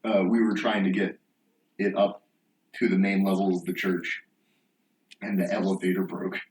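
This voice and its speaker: A man's voice: low voice, level tone, normal speed, darkish tone. A young man co-hosting a podcast, talking crudely and laughing through loose casual chat. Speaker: podcast co-host. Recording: echoey room, distant mic, faint hiss.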